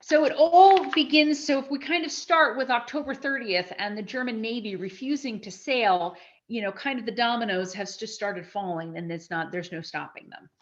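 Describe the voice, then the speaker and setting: This woman's pitch is fairly high and her pace moderate as she delivers a lively, conversational history lecture to a live audience, frequently restarting. The audio sounds dull.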